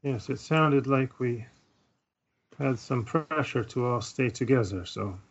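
A man playing a tabletop game who speaks in a measured, wry way, in a muffled recording with faint noise. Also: medium pitch. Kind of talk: casual game talk.

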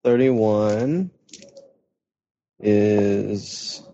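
Low, mellow-voiced male player. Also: very slow. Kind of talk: casual tabletop play. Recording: lo-fi voice chat with faint noise.

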